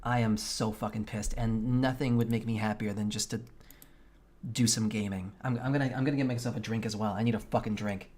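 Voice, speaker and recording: A man streaming a game, chatting casually with his viewers, candid and quick to swear. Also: fairly low pitch, steady tone, darkish tone. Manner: candid and profane, venting frankly. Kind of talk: casual chat with live viewers.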